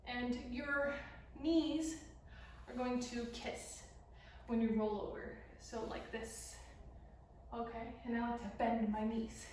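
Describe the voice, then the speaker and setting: The fairly high, darkish voice of a young woman moves at a slow pace with fairly even intonation as she teaches a beginner dance routine. While showing the moves she counts and sings lyric snippets, occasionally out of breath, in a casual tutorial style. She's far from the mic in a very echoey room, and a little hiss or hum can be heard.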